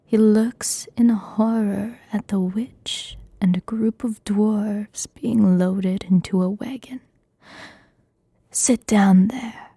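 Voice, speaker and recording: A woman whispers through an ASMR script reading with giggly asides. Her voice is very breathy and mellow, with a gravelly edge, and the sound is dry and close. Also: medium pitch, fairly even intonation, slow pace, hardly any pauses, no room sound. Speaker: ASMR streamer.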